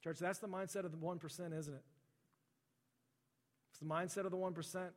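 Pastor telling a story in a ringing church. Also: male voice, sits high, steady tone, brisk, pauses often, in a large hall. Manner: conversational, relives stories by voicing the people in them. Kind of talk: sermon storytelling.

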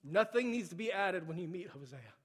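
Male pastor, higher-pitched, passionate sermon in a church with long reverb. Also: expressive, brisk, slightly rough. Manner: swings from loud, urgent preaching to hushed near-whispers. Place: church sanctuary.

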